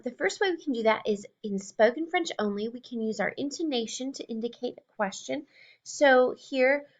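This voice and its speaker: A woman teacher walking through a language lesson in a patient, explanatory way, slowing down to model pronunciation. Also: a little high. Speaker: French teacher. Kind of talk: recorded lesson narration.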